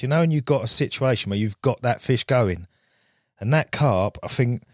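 A man's voice: mid-range voice, no echo, studio quality. A man, a guest on a podcast, telling stories in casual chat and laughing often. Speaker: guest angler. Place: podcast studio.

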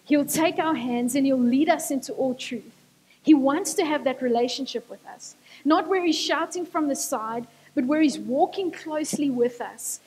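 A woman's voice: sits high, normal speed, a little mellow. A woman preaching a sermon, earnest and repeating key lines for emphasis. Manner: earnest, repetitive emphasis, switches into Afrikaans. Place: church hall. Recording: church hall with long reverb.

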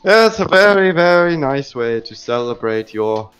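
A man's voice: medium pitch, sing-song, unhurried, fairly bright tone, clear, resonant tone, soft background music. A man playing a sly courteous clan noble. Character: sly, smooth male clan noble lounging in a spa.

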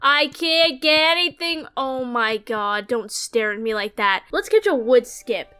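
Young woman, gameplay commentary, dramatic, talks to characters, gasps, fairly high voice. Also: expressive, measured pace, bright, forceful tone, smooth. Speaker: gamer.

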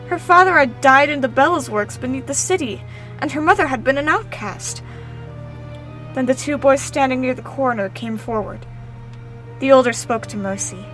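A woman narrates a storybook tale in a calm, measured way. Her voice sits high for a woman. Faint music plays underneath. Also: rough recording.

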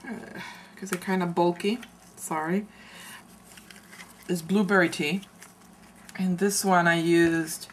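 A woman casually showing her handmade craft album, chatty and meandering, often pausing mid-sentence to search for words. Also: on the low side, slight background noise. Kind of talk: casual show-and-tell craft video.

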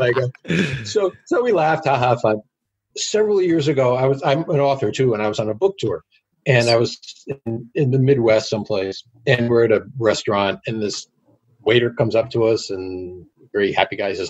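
A middle-aged man, guest on an interview show, telling anecdotes in a casual, animated way. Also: medium pitch, normal speed, husky. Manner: animated anecdotes with acted quotes.

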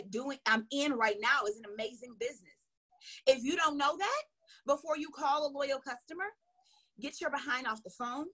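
A woman sales coach giving an energetic, emphatic motivational training talk. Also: high-pitched. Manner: energetic, emphatic, acts out little dialogues.

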